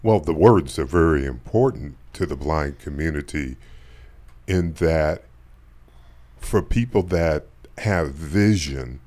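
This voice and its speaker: A man on a casual radio talk show who explains his points in a measured, step-by-step way. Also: extremely low pitch, darkish tone.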